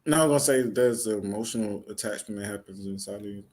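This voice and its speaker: A man's voice: lowish voice, fast, a little mellow. A man in a casual stream discussion, explaining card meanings with hesitant fillers. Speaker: cardology reader. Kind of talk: casual chat. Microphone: remote call.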